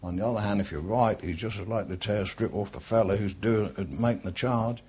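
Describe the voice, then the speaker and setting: An older Englishman with a low, dark, husky voice tells his old war stories bluntly, peppering them with swearing. He drifts off topic as he goes. The sound is dull and lo-fi, like an old archive tape. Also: steady tone, fast. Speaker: interviewee, war veteran. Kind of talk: oral history reminiscence.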